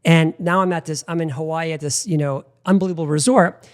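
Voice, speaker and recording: Middle-aged male host, animated storyteller. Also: on the high side, a little fast, clean tone. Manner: animated anecdotal storyteller with frequent "like". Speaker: podcast host. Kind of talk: casual interview storytelling.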